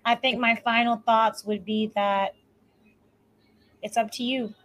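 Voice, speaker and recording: A woman's voice: on the high side, steady tone, slow pace, a bit bright, rough recording. A woman co-hosting a faith podcast, speaking in a heartfelt, reflective way with hesitant starts. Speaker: podcast co-host. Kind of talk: casual faith podcast chat.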